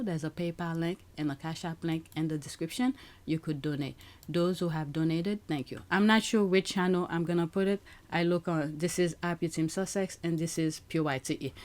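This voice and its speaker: A woman's voice: on the low side, darkish tone. Chatty woman hosting a commentary channel. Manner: chatty, laughs often, talks to viewers. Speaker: channel host. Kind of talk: casual commentary on social media posts.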